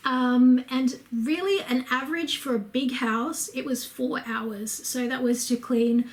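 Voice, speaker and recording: A woman with an Australian accent talks to camera in a relaxed home vlog. Her voice sits a little higher than most. She is chatty and candid, drifting between asides and fillers as she answers viewer questions. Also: a little slow. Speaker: home and lifestyle vlogger. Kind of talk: casual Q&A chat to camera.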